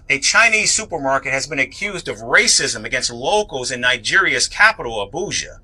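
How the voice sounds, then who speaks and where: A man reading the news as an anchor, crisp and formal. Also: a little high, pushed and bright.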